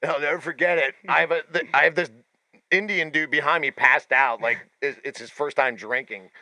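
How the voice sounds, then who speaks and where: A man hosting a podcast, telling profane stories in a casual, animated way and acting out the voices of the people in them. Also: on the high side, brisk, no echo. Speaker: podcast host. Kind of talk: casual storytelling.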